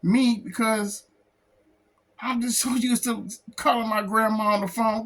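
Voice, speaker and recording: A man who is a comic book artist, talking in an emotional personal vlog, close to tears, halting and repeating himself. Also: high voice, steady tone, fairly bright tone. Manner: halting, repeats phrases, says "man" a lot. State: tearful, close to crying.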